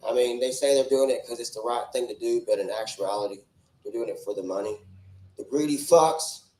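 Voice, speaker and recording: On a small comedy club stage, a forties-aged man with a warm, medium-pitched voice talks fairly quickly through a crude, brash, rambling open-mic stand-up set. He uses a handheld stage mic, and the sound is roomy, typical of a club.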